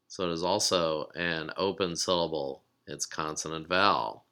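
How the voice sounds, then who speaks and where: A man giving a recorded lesson, explaining steps calmly and sounding out words slowly. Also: low-pitched, clean tone. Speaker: teacher.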